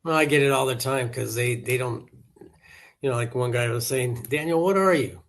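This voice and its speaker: A man's voice: mid-range voice, flat delivery, moderate pace. A contractor in his sixties from Colorado, chatting over a video call, rambling and laughing easily as he repeats his words. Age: 60s. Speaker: contractor client. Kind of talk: casual video call chat.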